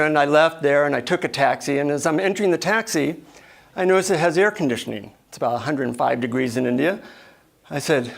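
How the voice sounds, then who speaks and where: A man delivers a motivational keynote on stage, telling stories full of lively voiced asides. His voice is gravelly and sits a little high for a man, and he moves easily from plain telling into acted-out moments. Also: a little fast. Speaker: keynote speaker. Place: stage before an audience.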